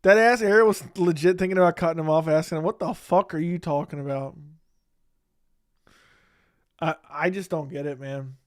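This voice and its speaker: Profane indignant livestream host. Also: male voice, a little high, moderate pace, long pauses. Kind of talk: casual livestream commentary.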